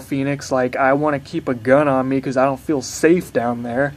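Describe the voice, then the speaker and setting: A man's voice: medium pitch, steady tone, moderate pace, a little hiss or hum. A young man telling a long personal story in a rambling, blunt way, swearing often. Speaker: vlogger. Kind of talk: casual storytelling to camera.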